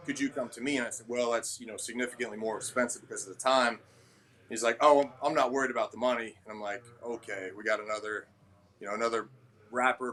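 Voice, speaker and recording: A man's voice: medium pitch, a bit bright. A man, a gym owner and trainer, telling blunt, slightly abrasive stories in a casual interview. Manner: blunt, admittedly abrasive, quotes people in voices.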